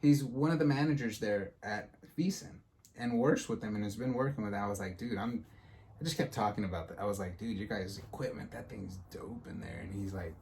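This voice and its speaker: A man hosting a podcast, telling a story in casual chat and acting out the quotes with lively energy. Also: on the low side, fairly quick, a little hiss or hum. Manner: animated, acts out quotes in a storytelling style. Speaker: podcast host.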